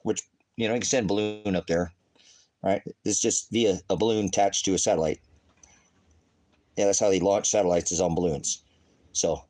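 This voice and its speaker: A man's voice: deep voice, steady tone, normal speed, long pauses, a little mellow, poor audio. Rambling, cussing man preaching online. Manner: rambling, rhetorical questions, profane outbursts. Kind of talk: casual livestream commentary.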